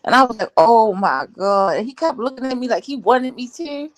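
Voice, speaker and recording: A woman's voice: on the high side, expressive, normal speed, no echo. A woman co-hosting a livestream chat, blunt and teasing, with slangy talk. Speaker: livestream co-host. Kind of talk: casual chat.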